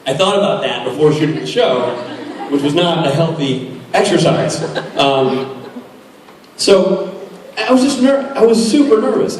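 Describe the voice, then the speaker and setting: A man in his forties, a guest on a convention panel, tells rambling, self-deprecating stories to the crowd in a large convention hall. His voice sits on the high side with a darkish tone. Someone in the audience captured it on a phone from far away, so the hall echoes and there's a faint hiss or hum.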